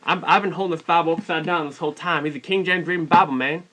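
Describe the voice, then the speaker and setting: Bright-voiced man rambling in a put-on Southern drawl. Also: on the high side, steady tone, fast. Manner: mock-folksy, rambling, self-correcting. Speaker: comic storyteller. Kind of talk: deadpan comic character monologue.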